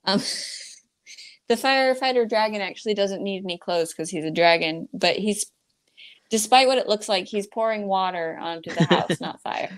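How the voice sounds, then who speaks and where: A woman's voice: mid-range voice, normal speed. A young woman, a children's book illustrator, chatting casually and laughing easily between her thoughts. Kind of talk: casual bookstore video chat.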